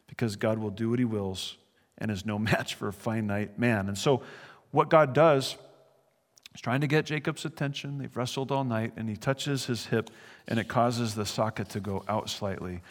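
A man's voice: fairly low pitch, steady tone, normal speed. Guy pastor preaching through bible verses, earnest and easygoing, little chuckles, big echoey hall. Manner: conversational and earnest, with brief chuckles. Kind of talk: sermon, verse-by-verse Bible teaching.

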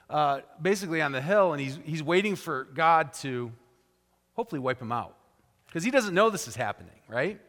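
A man delivering a sermon in a fairly high voice. He retells a story and jumps into raised, animated voices for the characters he quotes. His words ring out with a long echo, as in a large church hall. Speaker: preacher.

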